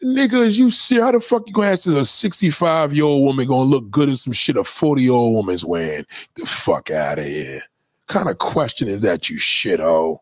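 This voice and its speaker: Animated, profane man with a lively voice. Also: mid-range voice, a little fast, no room sound, clean studio sound. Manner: animated, profane, mocking commenters. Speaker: livestream host. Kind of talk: casual livestream rant.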